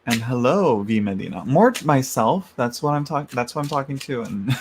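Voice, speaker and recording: A man's voice: mid-range voice, expressive, normal speed, a little hiss or hum. A man hosting a casual tarot livestream, chatting in a rambling way, laughing often and greeting viewers by name, into a large microphone.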